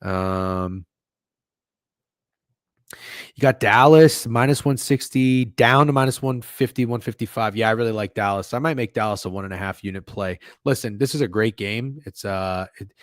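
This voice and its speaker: A man hosting a sports betting stream, talking casually and swearing a lot, swinging between low mumbling and loud outbursts. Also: lively intonation, moderate pace, dry recording, studio quality. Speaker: sports betting podcast host. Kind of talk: casual livestream rant.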